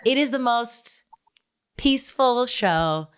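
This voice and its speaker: A young woman, a podcast guest, retelling a show's scenes in casual chat, animated and quick in bursts. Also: on the high side, clean tone.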